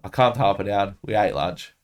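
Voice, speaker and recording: Aussie guy on a podcast, lowish voice, rambling story full of swearing. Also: moderate pace. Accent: Australian. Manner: profane, animated, swears constantly. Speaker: podcast guest. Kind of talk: casual storytelling chat.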